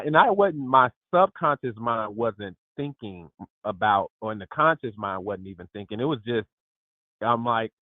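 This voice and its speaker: A man in his fifties hosting a lively group call, exuberant and emphatic, often calling out to his listeners. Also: mid-range voice, dry recording. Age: 50s. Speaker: host. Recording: dry tinny phone line.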